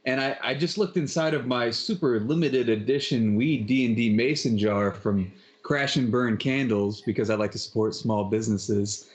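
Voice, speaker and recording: A man in the middle of the pitch range, chatting on a live tabletop game stream. He talks in a playful, showman-like way, with a lot of warmth toward his friends. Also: moderate pace, hardly any pauses. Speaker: player. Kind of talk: casual chat on a live stream.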